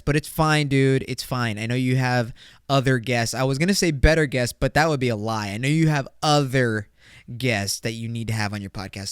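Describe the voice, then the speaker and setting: A young man hosts a casual solo podcast, joking and rambling as his volume swings from loud bursts to mumbled asides. His voice is smooth and resonant, close on the mic in a dry, dead room. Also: mid-range voice, no echo. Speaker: podcast host.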